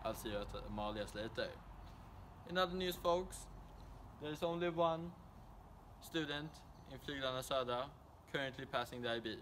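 A man's voice: mid-range voice, normal speed, a bit bright, slight background noise. A young man with a Swedish accent delivering a mock-serious news report in a comedy sketch.

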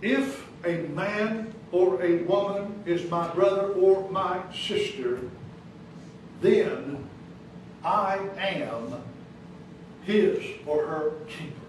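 A pastor preaching a sermon in a church, speaking emphatically with rising questions and sudden soft drops, with an American accent. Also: male voice, sits high, extremely slow. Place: church sanctuary. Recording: echoey church recorded from a distance, noisy.

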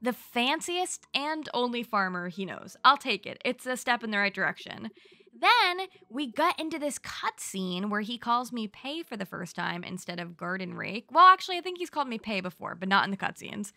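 Young woman, gaming vlogger, slightly high, crisp and dry, chatty storyteller. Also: normal speed, dry recording. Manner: chatty, gushing, animated storytelling. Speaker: gaming YouTuber. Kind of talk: narrated gameplay recap.

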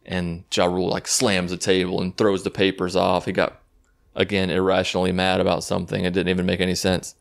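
A man's voice: low-pitched, monotone, brisk, gravelly. A man giving a casual, rambling and sarcastic recap of a movie, swearing freely as he goes. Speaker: YouTube movie reviewer.

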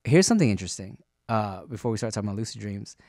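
A man's voice: lowish voice, animated, racing, a little mellow, no echo, clean studio sound. A man co-hosting a podcast, laid-back and chatty, with slang and many fillers. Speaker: podcast co-host. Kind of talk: casual chat.

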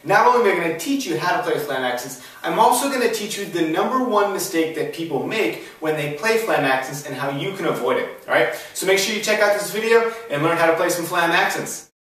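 A young man gives a drum lesson in an upbeat, explanatory way, checking in with the listener often. His voice sits a little high for a man. It rings heavily around a very echoey room, and he stands a bit back from the mic. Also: animated, a little fast, hardly any pauses, a bit bright, far from the mic. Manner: upbeat, keeps checking in with "all right?" and "right?". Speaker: drum instructor.

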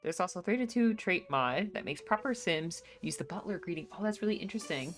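A woman's voice: lowish voice, lively intonation, fairly quick, soft background music. A woman streaming a life-sim game, chatting casually, reading chat aloud and laughing often.

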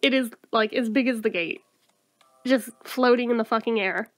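A woman's voice: a little high, normal speed. A woman giving sarcastic, profane let's-play commentary on a video game as she plays, often laughing. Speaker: gaming video host. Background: faint game music.

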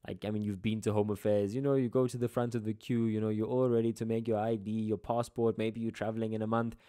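A young man with a South African accent talks through exam geography as a relaxed tutor, slipping into chatty asides full of fillers. His voice sits a little low and has a soft, mellow tone. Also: fast. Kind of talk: casual exam-prep lesson.

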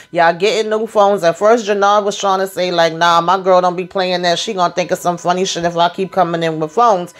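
A woman giving a sassy, animated recap of a TV episode in casual chat, acting out the characters' lines in AAVE. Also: mid-range voice. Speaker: show recap reviewer.

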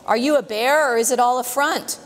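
A woman's voice: fairly high pitch, brisk, faint music behind, natural voice. A woman voicing a teasing, wise male albatross in a storybook, speaking in singsong verse. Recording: long church reverb.

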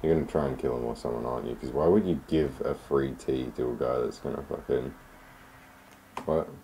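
Very deep-voiced sarcastic gamer man. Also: a little fast, gravelly, dark tone, a little hiss or hum. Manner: sarcastic, swears often. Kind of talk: casual gaming commentary.

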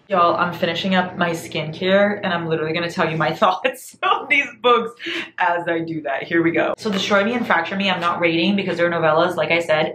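A woman's voice: fairly low pitch, noisy background. A young woman vlogging about her reading at home, talking casually and dramatically, gushing and swearing as she reacts. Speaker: book vlogger.

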